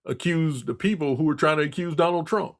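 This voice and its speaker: Guy ranting on his talk radio show, kinda high voice, blunt and repeats himself a lot. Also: fairly quick. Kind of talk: political commentary monologue.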